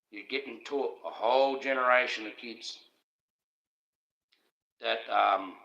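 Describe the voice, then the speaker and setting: With vocal fry and a sharp edge to his mid-range voice, a middle-aged Australian man hosts his livestream through a muffled recording. He rambles to his viewers in an aggrieved, conspiratorial manner, talking right at them.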